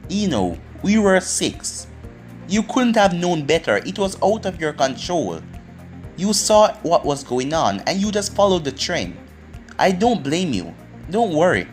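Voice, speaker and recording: A reader voicing a gentle, reassuring young man. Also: medium pitch, sing-song, measured pace, faint music behind. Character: young man comforting a crying girl.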